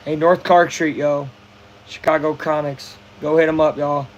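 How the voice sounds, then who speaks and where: A young man hosting a casual live baseball watch-along, chatty and excitable, full of slang. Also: fairly high pitch, normal speed, slight background noise, low-quality recording. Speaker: livestream host.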